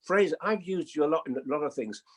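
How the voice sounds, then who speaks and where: Husky older man telling lively stories. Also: a little high, fast talker. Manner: animated storyteller, acts out voices in his anecdotes. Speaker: guest actor. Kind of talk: anecdotal chat.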